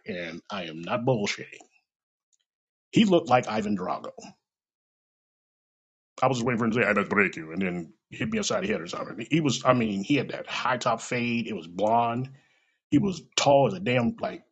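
Gravelly, husky American man telling stories. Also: lowish voice. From United States. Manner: animated, swears, laughs, acts out dialogue. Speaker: storyteller. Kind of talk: casual storytelling monologue. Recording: dull lo-fi recording.

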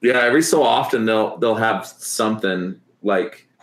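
A low-voiced man co-hosts a laid-back podcast chat. He talks in a loose, rambling way, stuffs his sentences with fillers and laughs easily. The recording has a noticeably echoey room sound. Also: normal speed, fairly bright tone, a little hiss or hum. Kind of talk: casual chat.

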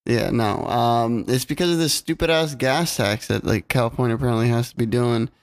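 A man co-hosts a podcast in a relaxed, rambling way. He fills gaps with ums and likes, and he swears casually. His voice sits at an ordinary middle pitch. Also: brisk. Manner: laid-back, swears freely, lots of fillers. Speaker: podcast co-host. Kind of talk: casual chat. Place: California home recording.

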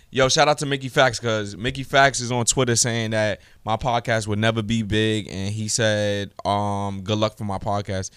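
A man's voice: lowish voice, moderate pace, a bit bright, clean tone, dry recording. Heated, profane young man podcasting solo. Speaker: podcast host.

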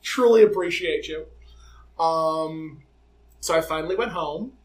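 A young adult man co-hosting a podcast, telling a personal story in a dramatic, animated way in casual chat. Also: a little high, unhurried, low-quality recording. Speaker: podcast co-host.

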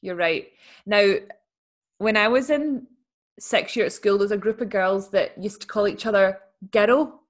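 A woman's voice: mid-range voice, unhurried. A young woman, co-hosting a casual podcast, opinionated and playful. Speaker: podcast co-host. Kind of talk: casual chat.

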